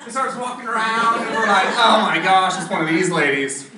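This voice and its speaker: A man tells comic stories from his life to a live audience, laughing often and talking loudly. His voice sits high for a man. It sounds roomy and distant, as if picked up across a hall, with the audience's laughter clear behind him. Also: fairly quick, a loud crowd. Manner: laughs often, animated, self-described naturally loud. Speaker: storyteller at a ward variety show.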